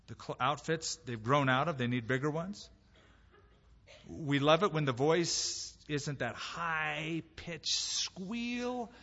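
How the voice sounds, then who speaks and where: A man's voice: medium pitch, lo-fi sound. Emphatic male preacher in an echoey hall. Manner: conversational preaching, animated and emphatic, acts out quoted voices. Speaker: pastor. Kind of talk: sermon. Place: church sanctuary.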